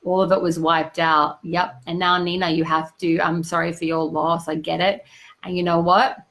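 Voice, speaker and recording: A woman's voice: fairly low pitch, level tone, normal speed, a bit bright, poor audio. A woman hosting a live stream as a business coach, greeting viewers by name and giving effusive motivational talk.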